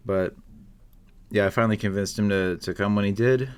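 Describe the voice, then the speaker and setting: A man's voice: lowish voice, fairly even intonation, brisk, smooth. A young man from Oklahoma, a podcast guest chatting casually in a dry, matter-of-fact way.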